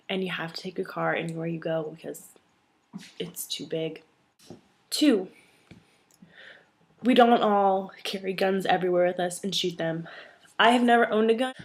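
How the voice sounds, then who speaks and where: A young woman from Texas chats straight to her camera in a casual vlog. She is emphatic and a bit exasperated, and her voice sits in an ordinary middle pitch. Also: normal speed, pauses often. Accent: none, mostly standard American. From Texas, USA. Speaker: vlogger.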